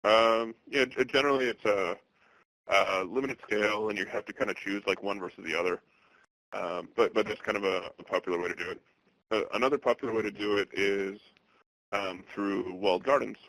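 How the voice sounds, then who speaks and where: A man in his thirties from the Boston area presenting a webinar, speaking in a monotone with many fillers and restarts. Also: lowish voice, a little fast, no echo, rough recording. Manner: monotone delivery.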